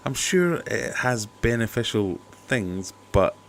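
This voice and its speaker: A man's voice: medium pitch, very animated, takes it slowly, slight background noise. A man hosting a casual aquarium livestream, chatty and skeptical, talking over a cheap microphone at home. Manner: chatty, skeptical, jokey asides. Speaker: aquarium channel host. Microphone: cheap desk mic.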